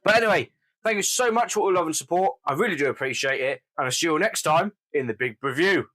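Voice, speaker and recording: Gushing man, fairly high voice. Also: expressive, fast, fairly bright tone. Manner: enthusiastic, gushing. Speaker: beer reviewer. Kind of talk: casual product review.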